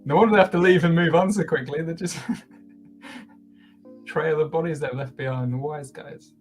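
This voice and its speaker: A man co-hosting a casual podcast chat, jokey and quick to laugh. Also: on the high side, soft background music. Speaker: podcast co-host.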